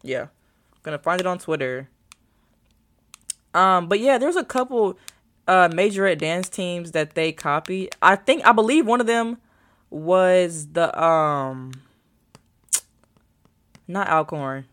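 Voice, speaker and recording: With a fairly low, animated and somewhat bright voice, this college-age woman speaks at a slow pace with long pauses. She rambles casually to her viewers in a vlog, thinking aloud as she looks through her phone.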